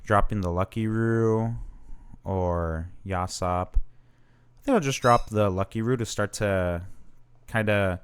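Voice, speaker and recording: A man's voice: fairly low pitch, slow pace, smooth. A man hosting his channel, casually commenting on his own card game match and thinking aloud with fillers and self-corrections.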